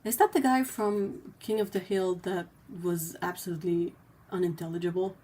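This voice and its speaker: A woman's voice: fairly low pitch, steady tone, moderate pace, warm tone. A woman hosting a casual livestream, chatting and reading viewer comments aloud. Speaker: livestream host.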